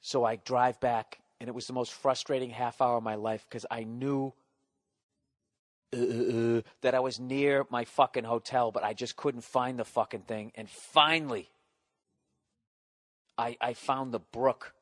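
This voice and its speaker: A man's voice: mid-range voice, fairly even intonation, unhurried, a bit bright, no room sound, clean studio sound. A man hosting a podcast, telling a story in a casual, rambling, profane way, with a Boston accent and a self-mocking edge. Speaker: podcast host.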